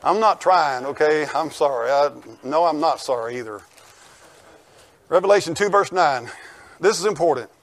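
An older male pastor, preaching a folksy, emphatic sermon that rises to shouts. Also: fairly high pitch, expressive, moderate pace. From United States.

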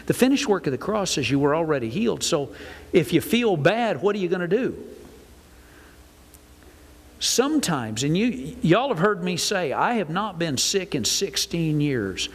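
Older male pastor, folksy sermon delivery, slightly high voice, reverberant church hall. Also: moderate pace, slightly rough. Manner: folksy, animated preaching with acted-out asides. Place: church sanctuary.

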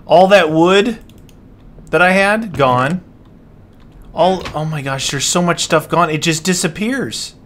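Slow-talking dismayed gamer guy. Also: on the high side, animated, fairly bright tone, a little hiss or hum. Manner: dismayed, keeps exclaiming and muttering to himself while playing. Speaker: gaming channel host. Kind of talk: casual let's-play commentary.

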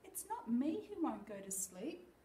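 An eager, pleading little boy from a storybook, put on by a woman reading aloud. The voice sits high and swoops a lot. It is heard slowly and from a distance in an echoey room. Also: sing-song, dark tone, a little hiss or hum. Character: excited little boy in bed.

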